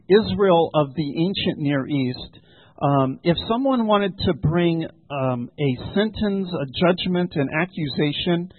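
Male preacher, slightly high voice, dry close sound, measured delivery with many pauses. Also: dry recording. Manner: measured, frequent ums and pauses, explaining scripture. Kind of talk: sermon. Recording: dry, tinny phone-like sound.

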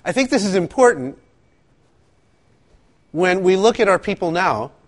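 A man preaching a sermon, telling stories with animated asides and acting out quotes. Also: high voice, unhurried. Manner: animated storytelling, acts out quotes, laughs often. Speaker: pastor.

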